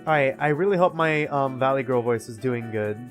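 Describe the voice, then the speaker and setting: A man's voice: medium pitch, a little fast, soft background music. A young man streaming a game, chatting casually, swearing freely and reading the story aloud.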